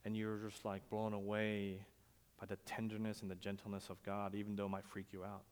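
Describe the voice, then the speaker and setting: A male pastor preaching a sermon, telling stories conversationally and swinging from loud emphasis to quiet asides. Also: on the low side, completely flat delivery, fairly quick, clean tone. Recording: long hall reverb.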